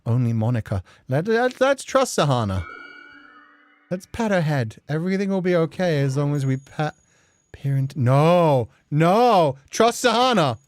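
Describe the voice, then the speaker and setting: A woman's voice: low-pitched, very animated, a little slow, darkish tone, no room sound. A woman voicing a mentally unstable young male author who pleads frantically and repeats himself, with faint game music behind. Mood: panicked. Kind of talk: voicing visual novel lines.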